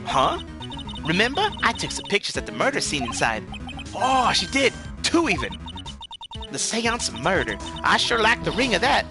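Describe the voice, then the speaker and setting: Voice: medium pitch, wildly swooping pitch, moderate pace, over music, pitched above the performer's own voice. A streamer voicing a brash, nosy young country photographer with a put-on Southern accent, in a let's-play. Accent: put-on American Southern. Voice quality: twangy, folksy.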